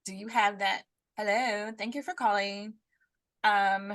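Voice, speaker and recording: Woman cohost on a video call podcast, chatty, laughs a lot, mid pitch, does goofy voices. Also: measured pace. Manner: animated, laughing, slips into playful put-on voices. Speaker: podcast co-host. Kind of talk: casual chat.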